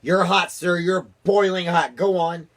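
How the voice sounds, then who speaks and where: A man voicing a fawning male spy chief in a high falsetto, reading a storybook aloud. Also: fairly even intonation, measured pace.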